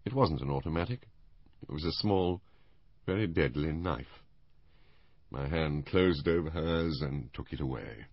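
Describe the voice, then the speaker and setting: A man narrating an audiobook in the first person, measured and steady. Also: very deep voice, no room sound, muffled recording.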